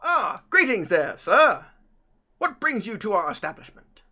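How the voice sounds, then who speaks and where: Prim British robot servant, courteous and fussy, played by a man, lively high voice. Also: a little slow, full character voice. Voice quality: prim, formal, quaint phrasing. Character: polite British robot butler, male, fussy.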